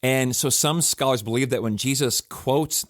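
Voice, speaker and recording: A male pastor with a medium-pitched voice talks over his sermon on a podcast at a normal speed, casual yet earnest. He restarts phrases to stress his points, and the audio is clean studio sound with no echo.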